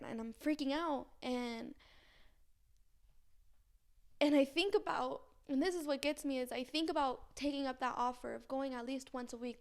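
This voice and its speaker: Young woman vlogger with a high voice, rambling and earnest, nervous confessional chat. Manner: rambling, full of fillers and restarts; earnest, anxious, faith-filled. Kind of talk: casual confessional vlog.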